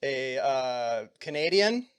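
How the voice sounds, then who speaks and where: A man's voice: mid-range voice, very animated, slow pace, clear, resonant tone, dry recording, clean studio sound. A man hosting a tabletop game as game master, talking with fillers and restarts. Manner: warm-up patter, hesitant fillers.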